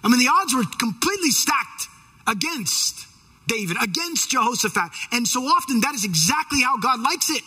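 A man preacher giving an animated sermon, emphatic as he retells scripture scenes. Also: extremely high pitch, normal speed, breathy edge.

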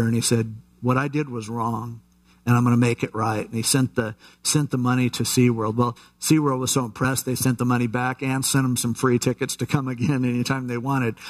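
A man preaching a conversational Bible-teaching sermon, relaxed and chatty, with asides and frequent restarts. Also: mid-range voice. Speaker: pastor.

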